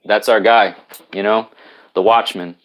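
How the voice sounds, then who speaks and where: A man's voice: fairly low pitch, fairly even intonation, a little slow, a bit bright. A man with a New York accent hosting a live stream, chatting casually and answering viewer comments, rambling with many restarts. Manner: rambling, frequent restarts and repeated words.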